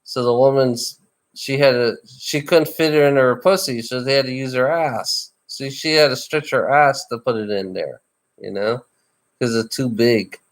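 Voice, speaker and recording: Rambling, teasing man, mid-pitched. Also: moderate pace. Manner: rambling and teasing, with many repeated restarts. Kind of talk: casual chat.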